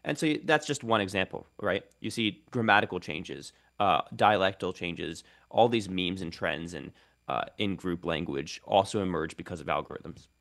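An articulate male linguist answers questions as a radio guest, laying out his ideas step by step. His voice sits a little low and has a gravelly, creaky edge. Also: animated, moderate pace, a bit bright. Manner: articulate, explanatory. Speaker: guest linguist and content creator. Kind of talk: radio interview.

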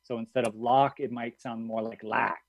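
A man's voice: mid-range voice, flat delivery, moderate pace, darkish tone, dry recording. Thoughtful man explaining in a dry studio. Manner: thoughtful, many fillers and restarts. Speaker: linguist guest. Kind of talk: radio interview, explaining.

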